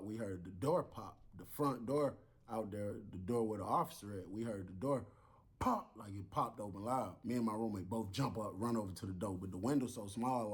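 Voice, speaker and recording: Man, storytelling, husky, low voice, acts out voices and sounds. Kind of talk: animated storytelling.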